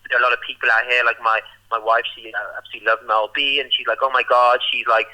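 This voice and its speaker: A man's voice: mid-range voice, level tone, quick pace, pushed and bright, poor audio. A young man with a Birmingham accent, speaking in a rambling casual interview full of fillers. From Birmingham, England. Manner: rambling, full of "like" and "you know". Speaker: roller skating performer.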